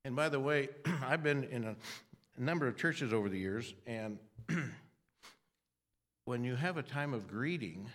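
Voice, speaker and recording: A man's voice: mid-range voice, expressive, a little slow, long pauses, fairly bright tone. Older male preacher, loose rambling sermon delivery, frequent restarts. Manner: rambling, self-deprecating, frequent restarts and throat clearing.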